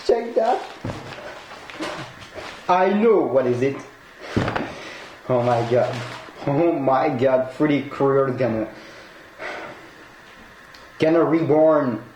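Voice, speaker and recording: A man who is not a native English speaker, unboxing a collectible, excitable, laughing often and swearing in broken English. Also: medium pitch, slow, long pauses. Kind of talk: unboxing vlog. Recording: echoey room with noisy background.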